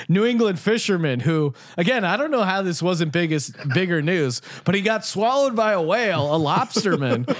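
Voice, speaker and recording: A man's voice: high voice, dry recording. Upbeat laughing podcast host man. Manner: loose, laughing, many fillers. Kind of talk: casual podcast chat with ad read.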